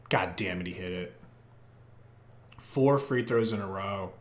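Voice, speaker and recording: Excitable fan calling a game live. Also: male voice, lowish voice, measured pace, long pauses, echoey room. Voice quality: profane, partisan fan commentary. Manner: excitable, swings from muttering to shouting. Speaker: podcast co-host doing live play-by-play. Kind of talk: live fan play-by-play reaction stream. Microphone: poor quality microphone.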